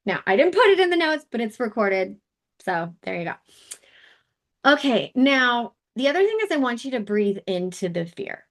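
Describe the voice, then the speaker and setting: A woman leads a casual live session on calming stress, talking to her viewers in a candid, chatty way. She breaks off into asides and fillers as she goes, and her voice sits a little on the high side. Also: moderate pace. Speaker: wellness session host.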